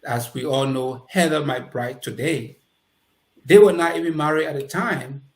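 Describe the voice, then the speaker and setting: A guest with a Liberian accent tells his life story in conversation, his voice fairly high and his pace measured. Animated, he acts out remembered dialogue, and the room is roomy and echoey.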